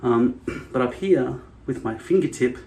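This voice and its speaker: A man's voice: mid-range voice, expressive, measured pace, gravelly, a little mellow, slight background noise. A man vlogging in a casual, rambling way, frank and swearing now and then. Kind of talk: casual vlog talk.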